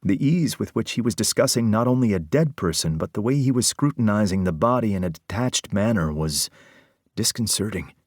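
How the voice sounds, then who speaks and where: Here a low-voiced man narrates an audiobook from script, keeping a steady, measured storytelling pace. Recorded close and dry, it has no room echo at all.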